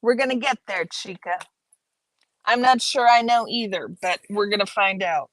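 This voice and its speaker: A woman's voice: mid-range voice, moderate pace, fairly bright tone, dry recording, rough recording. A woman hosting a live stream, reading an academic paper aloud and breaking off to chat with her viewers. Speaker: livestream host reading aloud.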